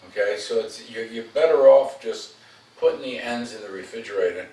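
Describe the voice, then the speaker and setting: A man's voice: lowish voice, fairly quick, warm tone. A man working as a dog trainer, coaching a dog owner at home in a direct way and often checking in with "okay?". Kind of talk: casual instruction at a home visit. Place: home room. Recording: roomy, distant camera mic, faint noise.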